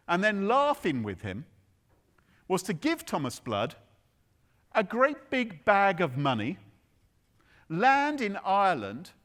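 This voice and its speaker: Lively man telling a comic keynote. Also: high voice. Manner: playful, theatrical storytelling with asides. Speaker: keynote speaker. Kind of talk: humorous conference keynote. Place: conference stage before an audience.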